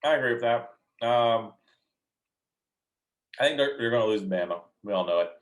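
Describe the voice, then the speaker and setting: A man's voice: medium pitch, expressive, moderate pace. A man co-hosting a casual sports podcast, giving opinions hesitantly and often restarting his words. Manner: hesitant, repeats words while thinking. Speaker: podcast co-host.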